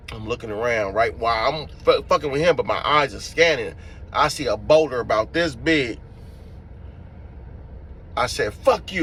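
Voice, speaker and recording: Guy telling a wild story, swearing a lot, acting it all out, bright sharp voice. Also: fairly high pitch, slightly rough. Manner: profane, animated, acts out scenes. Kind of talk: casual storytelling to camera.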